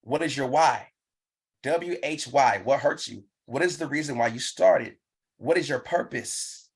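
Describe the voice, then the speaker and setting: A man's voice: medium pitch, animated, a little slow, vocal fry, slightly rough. A man leading a live online business training, urging listeners on with emphatic, repetitive coaching. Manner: pumped-up, urging.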